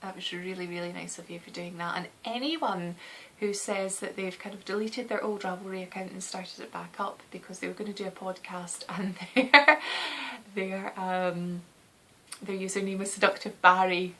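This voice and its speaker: Scottish lady in her 30s rambling on her podcast, bright voice, bit of hiss behind. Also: mid-range voice, steady tone, normal speed. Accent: soft West of Scotland. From Scotland. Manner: rambling, warm laughs, trails into whispers. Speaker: knitting podcast host. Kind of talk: casual chatty podcast.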